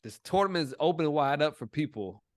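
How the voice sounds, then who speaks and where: A man hosting a sports podcast, talking in a relaxed, slangy and jokey way. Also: on the high side, brisk, no room sound, clean studio sound. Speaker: podcast host. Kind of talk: casual sports chat.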